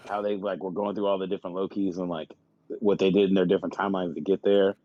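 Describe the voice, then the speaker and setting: Dull-sounding animated man telling stories. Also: low-pitched, fast talker, dry recording. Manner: animated storytelling with laughs and profanity. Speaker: podcast co-host. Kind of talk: casual chat.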